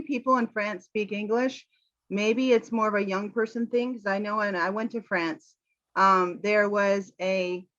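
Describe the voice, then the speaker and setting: An American woman, an English teacher, chatting casually about a film with animated quoting. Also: mid-range voice, muffled recording. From United States. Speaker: English teacher, channel host.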